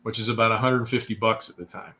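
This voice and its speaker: A man's voice: lowish voice, fairly even intonation, fast talker, sharp tone, a little hiss or hum. A man in his sixties, a guest in a casual interview, telling long anecdotes and acting out other people's quotes with a raised voice. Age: 60s.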